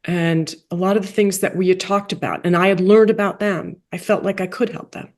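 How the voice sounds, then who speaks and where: A woman being interviewed, telling a story in a lively way that acts out quoted dialogue with big jumps in pitch and drops into soft, quiet asides. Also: fairly quick. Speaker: guest, coach for rabbis and playwright.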